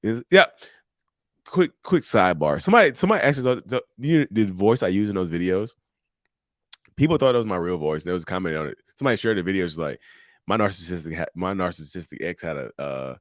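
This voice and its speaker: A man hosting a live talk show, chatting in an animated, joking way and laughing often. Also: lowish voice, fast talker, dry recording, studio quality. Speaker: show host.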